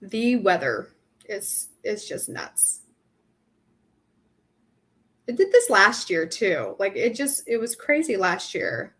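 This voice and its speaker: A woman's voice: mid-range voice, huge pitch swings, slow, long pauses, a bit bright, husky. A young woman from Southern California hosting a casual live painting tutorial, chatting and thinking aloud with many ums, her throat dry. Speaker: craft workshop host.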